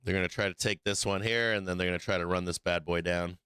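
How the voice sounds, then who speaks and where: A man's voice: deep voice, fairly even intonation, fast, pushed and bright, clean tone, dry recording, clean studio sound. A man hosting a live stock market stream, commenting casually on charts, laughing often, swearing and teasing his chat. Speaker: stock market livestream host.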